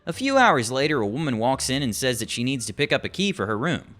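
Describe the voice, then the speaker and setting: Bright, animated male narrator reading stories over soft music. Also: medium pitch, quick pace. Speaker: story narrator. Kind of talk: reading online stories aloud.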